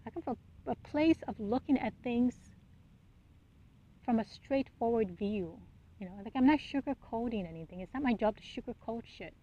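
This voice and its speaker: A woman's voice: a little high, expressive, moderate pace, mellow, highs cut off. A woman hosting a solo podcast, talking bluntly and with exasperation, swearing freely and firing off rhetorical questions. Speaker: podcast host. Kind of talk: casual solo monologue.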